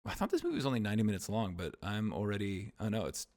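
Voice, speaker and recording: Male film podcast host, low voice, wry and rambling, drops off into mumbles. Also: wildly swooping pitch, racing, a little mellow. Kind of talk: casual film discussion podcast.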